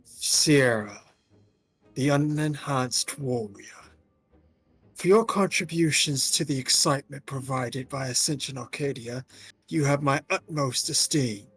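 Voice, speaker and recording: A man voicing a scheming villainous male president, speaking very deep, slow and menacing, with faint music behind. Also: a bit bright, slightly rough.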